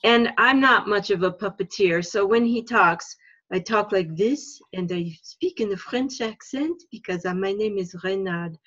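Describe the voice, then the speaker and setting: Woman workshop leader, measured and explanatory, mid-pitched, slightly dull lo-fi recording. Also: fairly bright tone. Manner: slow and thoughtful, explaining step by step. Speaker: religious education leader. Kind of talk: workshop talk for teachers.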